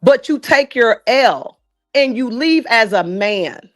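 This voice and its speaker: A woman giving her opinions on a live stream discussion, making emphatic, repetitive points at a deliberate pace. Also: on the high side, expressive, a bit bright, faint music behind. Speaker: guest commentator.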